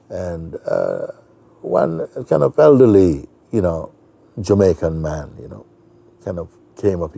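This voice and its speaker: A man who is a spiritual teacher, telling a story in a soft-spoken, relaxed way with many fillers. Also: low voice, vocal fry, no echo. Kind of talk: storytelling talk.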